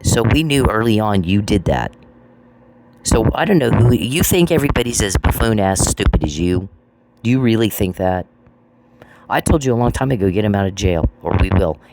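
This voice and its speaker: Lower-voiced man, furious and repetitive, on a noisy take. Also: expressive, moderate pace. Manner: profane, accusatory and repetitive. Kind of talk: angry monologue addressed to someone. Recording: noisy recording with clicks.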